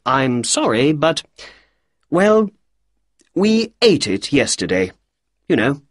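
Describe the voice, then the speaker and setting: A man voicing a clever male detective with a crisp, brisk and upbeat manner. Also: on the high side, big pitch swings, no room sound, studio quality, pitched above the performer's own voice, exaggerated voice.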